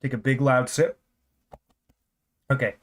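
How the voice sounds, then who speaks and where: A man's voice: medium pitch, steady tone, a little slow. A man chatting casually while drawing on a live stream, rambling with jokey self-mocking asides and a scratchy throat. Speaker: cartoonist streamer.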